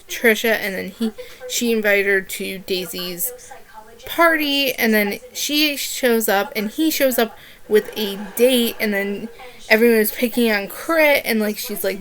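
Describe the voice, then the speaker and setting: A woman's voice: mid-range voice, takes it slowly, fairly bright tone. A young woman chatting casually in a book review vlog, rambling and gushing with constant "like" fillers.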